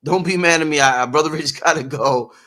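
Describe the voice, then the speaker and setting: A man hosting a live-streamed interview, energetic and chatty, calling out to viewers as y'all. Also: a little high, fairly quick. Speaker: host.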